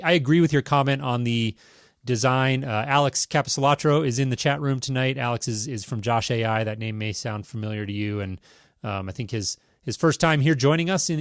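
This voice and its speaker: A man's voice: medium pitch, no echo. Dry-voiced male tech podcast host. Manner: measured, reads news items then riffs. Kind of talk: casual tech podcast chat.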